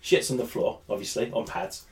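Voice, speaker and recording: A man co-hosting a casual gaming podcast, relaxed, with lines that trail off quietly. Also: brisk, far from the mic, slight background noise. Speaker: podcast co-host.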